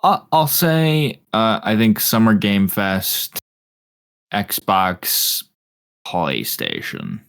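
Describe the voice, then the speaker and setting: A man's voice: fairly low pitch, wildly swooping pitch, very slow, creaky, a bit bright, clean tone. A man co-hosting a casual chat, laid-back and loose, using "like" a lot. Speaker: co-host.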